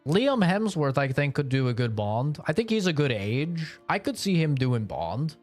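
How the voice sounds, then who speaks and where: A man's voice: fairly high pitch, big pitch swings, normal speed, darkish tone, soft background music. A young man streaming and chatting casually, rambling and joking with a lot of swearing. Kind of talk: casual chat.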